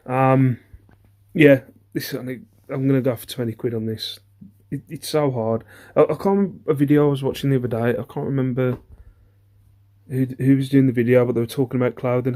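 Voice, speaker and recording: A man's voice: mid-range voice, warm tone. Bloke rambling through his haul, chatty, ums everywhere, laughs at himself. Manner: chatty, rambling, self-deprecating, many ums. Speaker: eBay reseller. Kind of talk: casual haul vlog.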